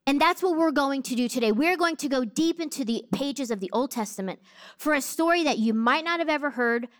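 A woman in her thirties preaching a sermon, telling a personal story in a humorous, animated way. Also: high voice, brisk.

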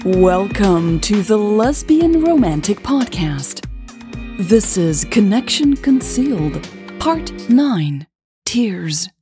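A woman host narrating a scripted audiobook in a calm, measured way. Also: mid-range voice, music in the background.

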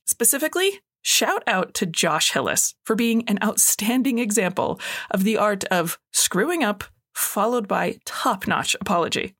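A woman in her thirties hosting a scripted solo podcast, giving clear step-by-step advice in an instructive way. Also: mid-range voice, normal speed, no room sound, clean studio sound. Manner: clear, instructive, animated with acted asides. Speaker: podcast host, coach on binge eating.

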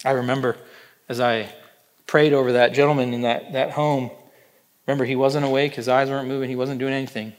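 A man preaching a sermon, building up through loud, emphatic repetitions and then dropping to soft, hushed endings, with personal stories woven in. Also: medium pitch, flat delivery, a little fast. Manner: storytelling, personal anecdotes. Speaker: pastor.

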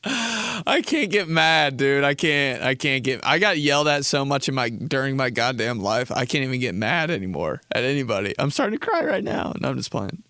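A man's voice: medium pitch, lively intonation, moderate pace, pushed and bright, no room sound. Laughing, rambling young man in a dry studio. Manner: rambling, laughs often, says dude and bro. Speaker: podcast host. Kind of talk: casual comedic monologue.

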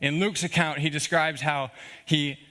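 A male pastor delivering a sermon with a bright, forceful voice pitched a little above the usual for a man. He talks conversationally and earnestly, dropping frequent check-in asides to his listeners. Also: fairly even intonation, measured pace. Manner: earnest, conversational preaching with asides like "okay?" and "all right?".

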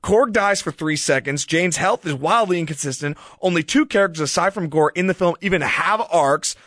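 A man with a high, bright, sharp voice, talking through a cutting critique on a casual podcast. The sound is close and dry, with no room around it. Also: fairly quick, no room sound. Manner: scathing, reads out a prepared rant. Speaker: podcast co-host.

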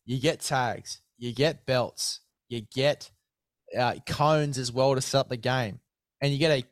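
A man's voice: medium pitch, fairly even intonation, a little slow, dry recording. A young Australian man hosting a casual sports podcast, blokey and matey, hyping an ad read with banter. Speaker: podcast host.

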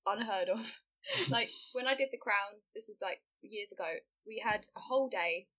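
A woman's voice: mid-range voice, normal speed, sharp tone. A young woman, a podcast guest who tells stories casually, laughing often and using lots of fillers. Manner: chatty storyteller, laughs often, many fillers. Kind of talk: casual chat.

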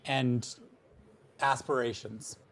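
A man's voice: medium pitch, steady tone, slow pace, fairly bright tone. A playful man chatting casually as a tabletop podcast host. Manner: playful, jokey.

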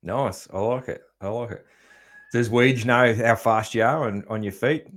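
A man's voice: mid-range voice, normal speed, a bit bright. An Australian man hosting a podcast, chatting casually and laughing easily between easygoing fillers. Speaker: podcast host. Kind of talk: casual interview chat.

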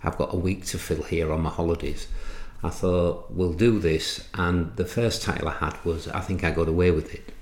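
Deep-voiced man telling stories, echoey room. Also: fairly even intonation, darkish tone. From England. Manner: anecdotal, halting with restarts and fillers. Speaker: entrepreneur and author. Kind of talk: storytelling in a podcast interview.

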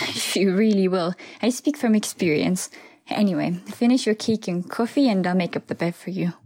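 A woman voicing a warm mother figure who gently scolds and fusses over her guests. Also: mid-range voice, normal speed, breathy edge. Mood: fond. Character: warm, fond mother of a busy household.

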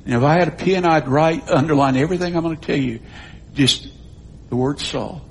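A male pastor preaching a sermon, swinging from loud stresses to hushed drops. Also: fairly high pitch, a little fast, slightly rough.

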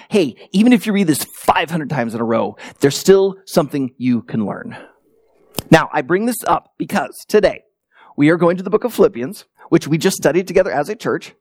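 A man's voice: high voice, no echo, studio quality. A man preaching a sermon as pastor, telling stories in a conversational, self-deprecating way. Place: church sanctuary.

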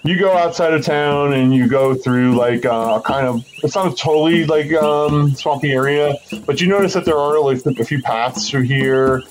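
A man's voice: on the high side, moderate pace, a little hiss or hum, rough recording. Man narrating a tabletop game. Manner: hesitant, full of likes and ums. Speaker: game master.

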